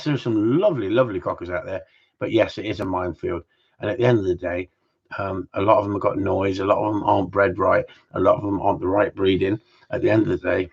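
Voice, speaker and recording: Man, low husky voice, rambling jokey chat, mild swearing, slightly dull recording. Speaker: gundog trainer hosting a live Q&A stream. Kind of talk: casual live-stream chat.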